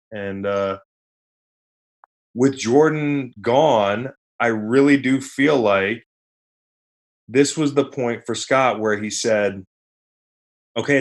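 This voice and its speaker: A man hosting a sports podcast, talking casually in a rambling, conversational way with wry asides. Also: medium pitch. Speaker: podcast host.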